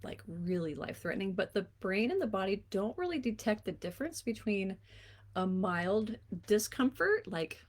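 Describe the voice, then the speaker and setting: Woman, 40s, life coach; casual solo talk, warm, chatty, quick to laugh. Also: mid-range voice, big pitch swings. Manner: warm, chatty, laughs often, slips into playful voices.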